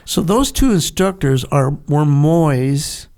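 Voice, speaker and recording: Gravelly older man telling war stories. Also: on the high side, expressive, slow pace, darkish tone. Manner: rambling, laughs often, acts out quoted voices. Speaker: guest, Vietnam-era Navy SEAL. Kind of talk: casual storytelling interview.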